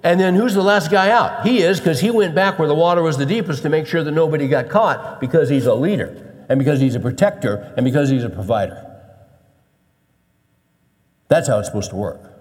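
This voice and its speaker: Animated male preacher in a reverberant hall. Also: fairly high pitch, a little fast, long pauses. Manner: animated storyteller, swings between loud bursts and hushed emphasis. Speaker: pastor. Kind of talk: storytelling sermon. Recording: long reverb of a large hall.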